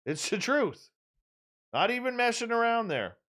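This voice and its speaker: Animated, teasing male radio host. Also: very high-pitched, a little slow. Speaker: radio talk show host. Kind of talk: casual chat.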